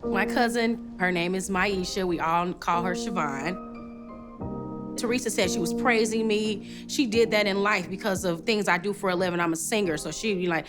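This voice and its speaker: A woman's voice: medium pitch, moderate pace. A woman who is a singer, telling a personal story in a reality show interview. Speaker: audience member and singer. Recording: interview with music bed underneath.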